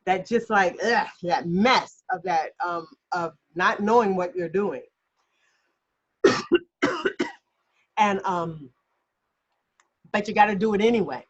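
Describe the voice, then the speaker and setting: A woman's voice: medium pitch, a bit bright. Acting coach lady rambling thru a lesson on zoom, laughs a lot, muffled lo-fi sound. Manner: chatty, self-deprecating, laughs often. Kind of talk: mini lesson on a video call. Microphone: video call. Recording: dull lo-fi video call audio.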